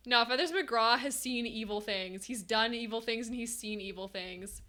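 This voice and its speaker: Young woman streamer, casual chat with viewers, animated and laughing, bright slightly high voice. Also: brisk.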